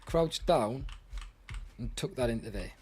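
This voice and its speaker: A man's voice: medium pitch, lively intonation, measured pace, darkish tone, slight background noise. A British man streaming a game live, chatting with viewers and grumbling in exasperation. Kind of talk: live gaming commentary.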